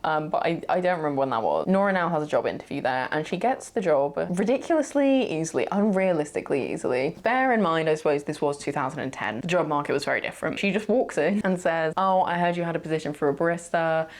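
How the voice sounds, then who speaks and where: A woman's voice: low-pitched, lively intonation, fast talker, hardly any pauses. A woman recapping a novel in a casual, chatty way, full of sarcastic asides and "like". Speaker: book reviewer.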